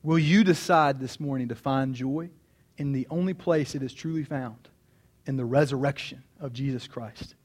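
A man's voice: mid-range voice, moderate pace, a little mellow. A man in his thirties preaching a sermon, earnest and personal, repeating key phrases for emphasis. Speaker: pastor.

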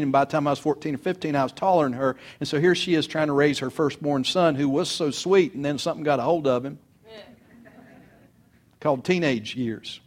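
Earnest throughout, this middle-aged pastor delivers his sermon in a slightly high male voice, moving from loud, urgent exhortation to soft, confiding tones.

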